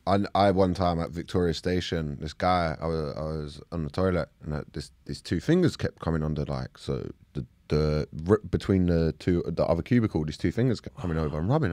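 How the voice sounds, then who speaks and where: A man tells stories in a loose, casual chat. His pitch swings widely as he mimics the people in his tales, and he swears freely. The sound is close and dry. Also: fairly quick, few pauses, dry recording. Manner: animated, swears freely, mimics voices in anecdotes. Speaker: podcast co-host.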